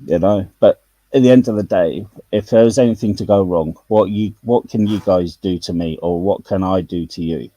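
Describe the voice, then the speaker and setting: A man's voice: low voice, moderate pace, dark tone, no echo, poor audio. A man, hosting his own channel in a blunt, jokey casual chat. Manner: blunt, jokey, slips into Cockney slang. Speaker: YouTube channel host.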